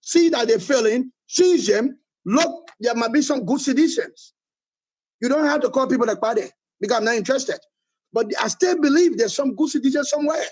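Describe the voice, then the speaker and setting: Very high-pitched yet darkish in tone, this middle-aged man with a Liberian accent speaks at a moderate pace with lively intonation. As an interview guest and political movement leader, he criticizes emphatically and repeats himself for force; the highs are cut off.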